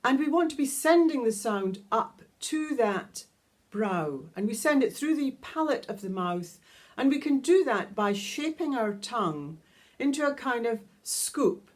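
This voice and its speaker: A woman teaching a guided vocal toning lesson, calmly explaining each step and singing long vowel tones. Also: on the high side, measured pace. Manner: calm, instructive, demonstrates sustained vowel tones. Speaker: sound healing teacher.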